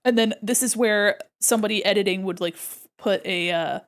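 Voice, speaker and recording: A woman's voice: mid-range voice, fairly quick. A woman from the United States chatting casually while she draws on stream, joking around and slipping into silly voices.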